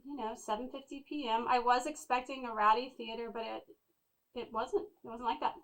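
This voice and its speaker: Woman, fairly high voice, measured, deliberate, casual movie review. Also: fairly even intonation, a bit bright, rough recording. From Texas.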